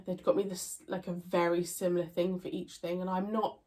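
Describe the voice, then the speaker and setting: Brisk and level, a young woman's lowish, slightly mellow voice is nasal and stuffy with congestion. Answering viewer questions in a casual chat, she rambles with plenty of fillers and restarts.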